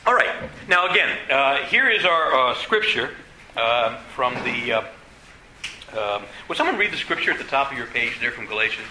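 A man teaching an adult church class, halting with many "uh"s and repeated words, then speeding through his points. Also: mid-range voice, big pitch swings, noisy background. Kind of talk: adult faith class lecture. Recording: echoey room, faint ambience.

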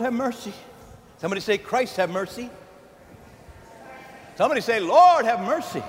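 A priest preaching a sermon in a lively, folksy manner, calling out to the congregation for answers. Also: male voice, fairly high pitch, slight background noise. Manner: lively, call-and-response with the congregation, folksy asides. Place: church. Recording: long hall reverb in a church, faint ambience.

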